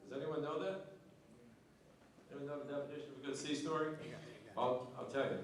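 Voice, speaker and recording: A man's voice: fairly high pitch, brisk. A man giving an after-dinner speech at a formal ball, telling a joke in a folksy, joking manner, recorded from far off in a large banquet hall. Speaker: banquet speaker.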